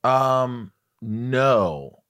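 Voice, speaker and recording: A man hosting a podcast, talking in a casual, animated way with lots of swearing and self-deprecating stories. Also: mid-range voice, extremely slow, smooth. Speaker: podcast host. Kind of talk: casual chat.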